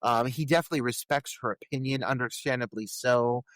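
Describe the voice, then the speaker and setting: A man's voice: mid-range voice, fairly even intonation, a little fast, fairly bright tone, no echo, poor audio. Enthusiastic man discussing a film. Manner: earnest, enthusiastic about favorite moments. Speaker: podcast co-host.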